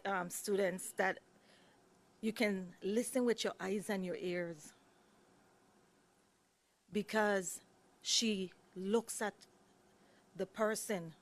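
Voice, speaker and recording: A woman's voice: mid-range voice, a bit bright. A woman, giving an earnest, lightly humorous introduction speech at a courtroom podium. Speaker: speaker introducing a judge. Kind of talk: ceremonial speech. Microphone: podium microphone.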